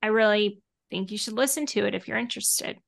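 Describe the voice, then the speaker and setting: A woman's voice: medium pitch, fairly quick, vocal fry. A woman co-hosting a casual podcast, earnestly promoting a new show. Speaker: podcast co-host.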